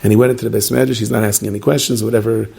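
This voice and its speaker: A man's voice: lowish voice, flat delivery, racing, vocal fry, a little mellow, husky. A man, a rabbi, telling a story in a sermon, chatty and full of joking asides, with Yiddish and Hebrew words mixed into his speech.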